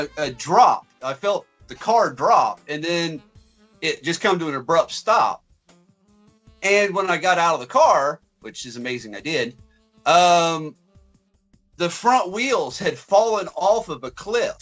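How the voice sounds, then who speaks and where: A young man, a podcast co-host telling a long story in casual chat and acting out the voices. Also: high voice. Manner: animated, acts out voices in his stories.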